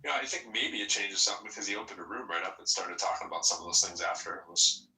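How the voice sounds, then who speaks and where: A man's voice: low voice, racing, pushed and bright, a little hiss or hum, rough recording. A man hosting a casual group chat, rambling and joking as he calls on people by name. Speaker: host of a group audio chat room.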